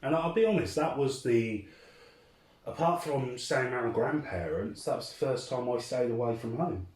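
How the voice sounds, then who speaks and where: Earnest young host. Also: male voice, medium pitch, animated, moderate pace, darkish tone. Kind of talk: casual interview. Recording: roomy, from far off the mic.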